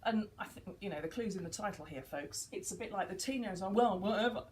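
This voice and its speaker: A woman's voice: medium pitch, quick pace, a little hiss or hum, rough recording. A woman, giving a casual teaching talk and acting out bits of dialogue. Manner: animated, acts out dialogue in quotes.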